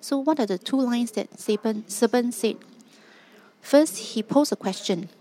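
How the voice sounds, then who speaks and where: A woman's voice: fairly high pitch, measured pace, mellow. A woman preaching a sermon, emphatic and driving points home with repeated rhetorical questions.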